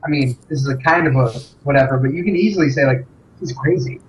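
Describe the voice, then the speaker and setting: A man co-hosting a casual podcast chat, relaxed and hesitant, with frequent ums and restarts. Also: medium pitch, quick pace, a little hiss or hum, low-quality recording. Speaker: podcast co-host. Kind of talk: casual chat over drinks.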